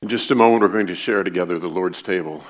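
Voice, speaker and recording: Deep-voiced man giving church instructions. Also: quick pace. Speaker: church leader giving announcements. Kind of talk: church announcement.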